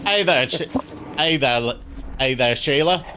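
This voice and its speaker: A man's voice: mid-range voice, unhurried, background noise, close to an everyday voice. A man voicing a flirty male creature crooning pickup lines at a lady.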